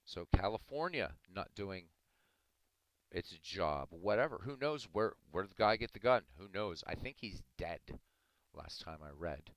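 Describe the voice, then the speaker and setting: A man's voice: deep voice, expressive, unhurried, a bit bright, no echo, rough recording. A man who says he is Irish, streaming live and arguing back at his chat in a casual, combative way. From Ireland. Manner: argumentative, talking back to chat.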